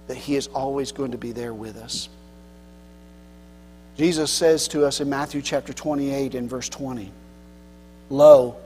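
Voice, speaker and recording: A male pastor preaches earnestly in a fairly high voice. His delivery swings between loud emphasis and soft, low passages, and the voice trails into a long hall reverb. A steady mains hum runs underneath. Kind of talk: sermon.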